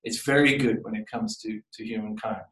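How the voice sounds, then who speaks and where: A man's voice: lowish voice, fairly even intonation, fairly quick, fairly bright tone. A man reading scripture aloud and preaching a reflective sermon in a church, often restarting and repeating words as he builds his point. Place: church sanctuary. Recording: echoey room, voice from a distance.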